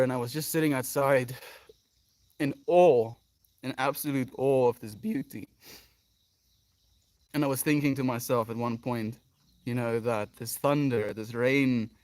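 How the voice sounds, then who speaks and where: A man's voice: mid-range voice, no room sound. A man hosting a daily livestream in an emotional, effusive chat, often sighing and laughing as he thanks viewers. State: emotional, near tears. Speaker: livestream host.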